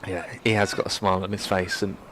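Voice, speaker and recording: A young man doing live cricket commentary from a commentary box, getting loud and excited at big moments. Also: fast talker. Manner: lively, rises sharply in pitch and volume at big moments. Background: faint crowd and ground ambience.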